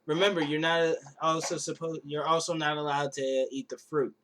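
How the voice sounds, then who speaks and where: A man's voice: a little high, little pitch movement, moderate pace, fairly bright tone. A man co-hosting a podcast, chiming in casually to add details to a friend's story. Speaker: podcast co-host. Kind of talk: casual chat.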